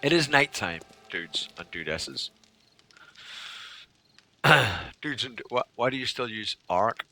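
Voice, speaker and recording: Brief: male game streamer, casual chat, bright tone, lively intonation. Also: mid-range voice, takes it slowly, pauses often, slight background noise. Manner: reads chat aloud and thanks followers, joking.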